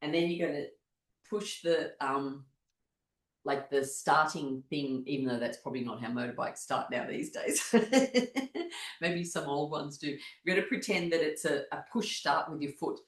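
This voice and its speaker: Low-voiced woman leading laughter exercises. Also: normal speed, reverberant. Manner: bursts into loud rhythmic fake laughter between instructions. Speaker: laughter yoga teacher. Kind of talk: guided laughter exercise session.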